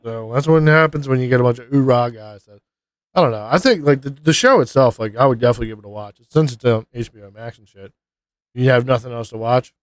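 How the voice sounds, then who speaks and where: A man's voice: medium pitch, quick pace, no echo. A man co-hosting a casual podcast, rambling with lots of fillers and swearing. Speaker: podcast co-host. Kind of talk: casual profane chat.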